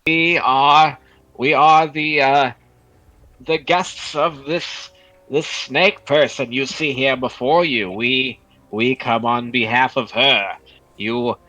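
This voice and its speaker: Slow, formal man, dry close sound. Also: mid-range voice, pushed and bright, no echo, poor audio. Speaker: player. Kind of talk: in-character role-play speech.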